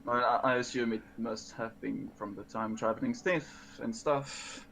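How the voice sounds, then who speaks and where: A man's voice: medium pitch, steady tone, unhurried, gravelly, fairly bright tone, slight background noise, poor audio. A man playing a tabletop game, hesitant and wry, slipping into his character's lines. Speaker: player.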